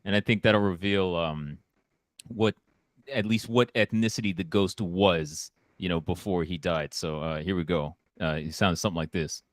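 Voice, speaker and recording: A man's voice: low-pitched, fairly even intonation, moderate pace, no room sound, studio quality. A man chatting casually in a live voice chat, rambling and joking with many fillers.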